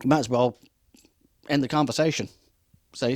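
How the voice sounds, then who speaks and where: A man's voice: medium pitch, steady tone, moderate pace, a little mellow, no echo, studio quality. A man giving an unscripted customer service training talk, with emphatic, repeated warnings and acted-out customer dialogue. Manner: acts out customer dialogue in quotes.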